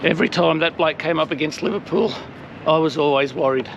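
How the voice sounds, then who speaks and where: A man's voice: fairly high pitch, fairly quick, vocal fry, highs cut off. A middle-aged man chatting casually as he walks around outdoors, telling stories with lots of hesitations and fillers. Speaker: vlogger touring a stadium. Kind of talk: casual walking-tour commentary. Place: outdoors around a city stadium. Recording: noisy outdoor street recording.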